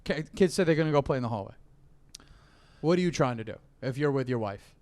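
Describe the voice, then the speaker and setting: A man's voice: mid-range voice, lively intonation, fast talker, a little mellow. A man with a New York accent, a comedian host telling rambling stories in casual chat. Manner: rambling storytelling with restarts and laughs.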